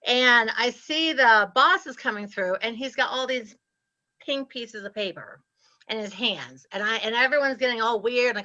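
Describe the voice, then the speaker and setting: A woman, telling her story as an interview guest with lively, laughing animation. Her voice sits fairly high and sounds bright and forceful. The audio is a bit muffled and lo-fi. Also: normal speed. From Ohio, US Midwest. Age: 60s. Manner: animated, laughs often, acts out her past self.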